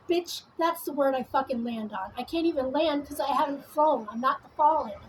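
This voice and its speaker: A woman with a high voice talks straight to camera as she does her makeup. She rambles in a heated, profane monologue. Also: normal speed, hardly any pauses, a little hiss or hum, poor audio. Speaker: vlogger doing makeup.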